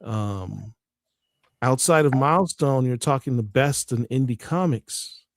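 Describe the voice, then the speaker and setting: A man of middle pitch talks earnestly on a comics podcast. He builds his points with feeling. The recording is dry and close. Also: animated, a little slow, no room sound. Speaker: podcast co-host. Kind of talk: casual chat.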